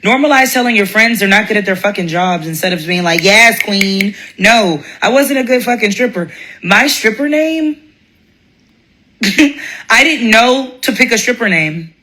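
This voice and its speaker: A woman hosting a live stream, telling a profane story in a blunt, animated way and laughing often. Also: mid-range voice, moderate pace.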